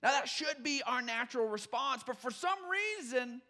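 Male pastor, fairly high voice, middle-aged, storytelling sermon full of restarts. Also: lively intonation, moderate pace, in a large hall. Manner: storytelling with many restarts and fillers, rising to shouts on key points. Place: church sanctuary.

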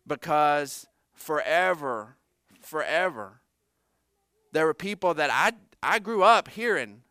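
Male pastor, middle-aged, clear and smooth, animated sermon delivery with jokes. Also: high-pitched, measured pace, no room sound, studio quality. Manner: animated, joking asides to the congregation. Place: church sanctuary.

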